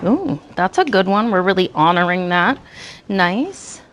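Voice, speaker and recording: A woman teaching a classroom lesson, talking slowly and patiently with encouraging praise. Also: mid-range voice, big pitch swings, a bit bright, lo-fi sound, slight background noise. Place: school classroom.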